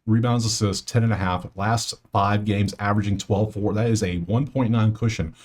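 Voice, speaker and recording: A man's voice: lowish voice, steady tone, moderate pace. A man hosting a sports betting video, chatting casually through stats and picks and muttering asides to himself. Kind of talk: casual solo commentary over a spreadsheet.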